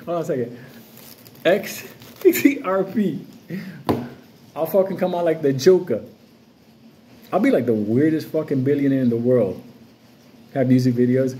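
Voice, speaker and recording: A man's voice: a little high, moderate pace, long pauses, warm tone. Profane swaggering New man ranting. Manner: profane, loose, swaggering, jumps between stories. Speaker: crypto vlogger. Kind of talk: casual unscripted rant to camera.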